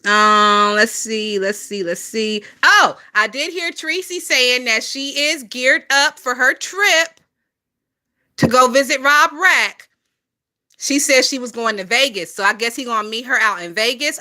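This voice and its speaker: Gossiping casually on a phone livestream, a Southern US woman in her twenties swears and laughs a lot. Her voice sits on the high side with a sharp tone.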